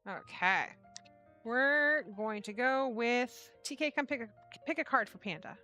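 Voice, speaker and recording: A woman's voice: a little high, lively intonation, a little slow, bright, forceful tone, soft background music. A woman hosting a casual live stream, chatty, laughing often and swearing casually. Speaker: livestream host and yarn shop owner.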